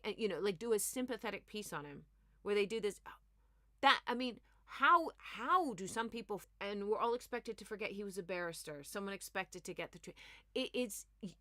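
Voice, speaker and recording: A woman's voice: on the high side, no room sound, clean studio sound. A woman hosting a comedy news show, ranting and joking about politics while answering viewers' comments and slipping into mocking impressions. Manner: animated, mocking, slips into mimicking voices. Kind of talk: comic news commentary with chat replies.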